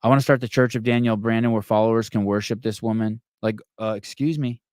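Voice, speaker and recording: A lowish, clear and resonant voice, a little mellow with fairly even intonation, belongs to a quick-talking podcast host on a casual live stream. Reading viewer comments, he swears freely, rambles, mocks himself and keeps stammering into restarts. The clean studio sound has no room sound.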